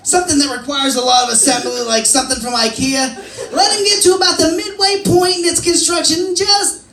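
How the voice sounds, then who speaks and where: A man's voice: extremely high pitch, fairly even intonation, fairly quick, bright, forceful tone. A man performing a crude stand-up set on a comedy club stage and acting as emcee, with punchy delivery. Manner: crude, punchy joke delivery with acted-out quotes. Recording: roomy club sound from a distance.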